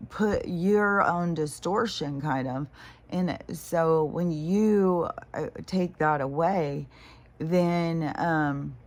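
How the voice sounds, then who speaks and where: A middle-aged woman talking through a rambling spiritual vlog, full of fillers, restarts and casual swearing. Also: low voice. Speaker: spiritual vlogger.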